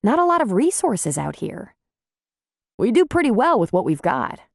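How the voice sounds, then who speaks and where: A woman voicing a calm, plain-spoken man who runs a small-town bar, in an audiobook. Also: medium pitch, moderate pace, gravelly, dry recording, studio quality, pitched above the performer's own voice, heavily acted. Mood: steady. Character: Jack, male small-town bar owner, calm and steady.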